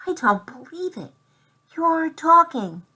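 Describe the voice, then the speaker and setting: A woman's voice: very high-pitched, sing-song, slow pace, bright, forceful tone, pitched above the performer's own voice, exaggerated voice, rough recording. A woman voicing a stubborn young boy who speaks bluntly and wonders aloud, in a children's storybook reading. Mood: astonished.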